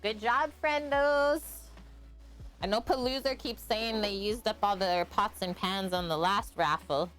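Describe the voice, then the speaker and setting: A woman's voice: medium pitch, a little slow, a bit bright, faint music behind. A woman from Canada chatting casually on a live cooking stream, greeting and thanking viewers by name and laughing often.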